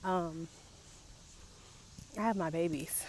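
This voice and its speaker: A young woman with a fairly low voice talks through hard feelings in a raw confessional vlog. She speaks in a halting, emotional way and often circles back to repeat herself. Faint insect sounds drift in from outdoors behind her. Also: fairly even intonation, a little mellow, a little hiss or hum. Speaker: vlogger.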